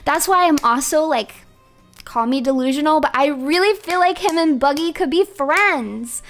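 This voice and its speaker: A woman's voice: sits high, moderate pace, fairly bright tone, faint music behind. A woman streamer chatting playfully to her viewers and laughing often. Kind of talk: casual livestream chat.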